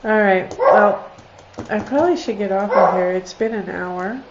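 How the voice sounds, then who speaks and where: A woman's voice: medium pitch, lively intonation, normal speed, dull audio, very noisy. A woman chatting casually on a live stream from home, reading cards for viewers and laughing often. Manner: chatty, laughs often, soothes her dogs. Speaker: live stream card reader. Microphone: computer or phone on a live video stream.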